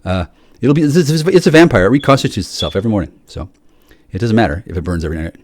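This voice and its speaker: A man's voice: fairly low pitch, expressive, racing. A man delivering an angry, profane solo rant, stammering through restarts as he jabs at his listeners.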